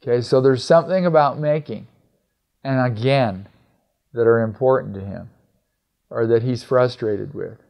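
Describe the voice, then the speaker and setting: In a slightly dull, lo-fi recording, a middle-aged man talks through communication skills conversationally, acting out quoted exchanges as he goes. His pitch is medium and his speed normal, with vocal fry, frequent pauses and a somewhat mellow quality.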